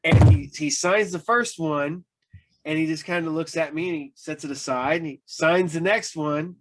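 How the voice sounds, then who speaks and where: A podcast host with a slightly high male voice talks at an ordinary pace. His casual storytelling rambles, brims with fillers, and features him acting out other people's words.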